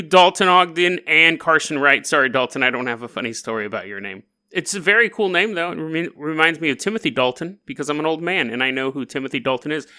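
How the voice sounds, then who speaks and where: Bright-voiced joking male podcast host. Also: a little high. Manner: joking, chatty, often laughing. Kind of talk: casual storytelling podcast.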